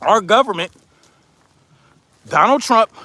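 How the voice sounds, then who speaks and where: A man's voice: sits high, lively intonation, takes it slowly, bright, forceful tone, dry recording. A man hosting a livestream who rants in a heated, profane, mocking way. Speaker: livestream commentary host. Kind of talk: casual livestream rant.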